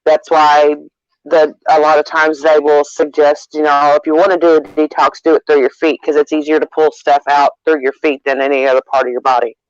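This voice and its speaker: A man in casual chat, talking in a rambling, halting way, full of fillers and restarts. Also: fairly high pitch, flat delivery, clear, resonant tone, dry recording. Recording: dull lo-fi sound.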